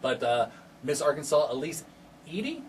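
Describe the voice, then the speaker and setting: A man's voice: fairly high pitch, very animated, normal speed, slight background noise. A man hosting a radio talk show, joking and rambling as he asks questions. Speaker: radio host.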